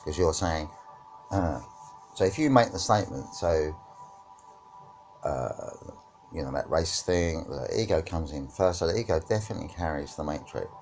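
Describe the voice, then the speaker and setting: Deep-voiced man musing on spirituality. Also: lively intonation, normal speed, long pauses, a little mellow, faint music behind. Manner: musing, checks in with "right?" and "yeah?". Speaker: witchcraft and spiritual teacher. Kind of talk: reflective spiritual discussion.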